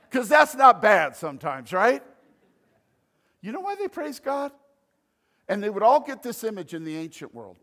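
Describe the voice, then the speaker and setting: A man preaching a sermon as pastor, animated, swinging between loud emphasis and quiet asides. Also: extremely high pitch, moderate pace.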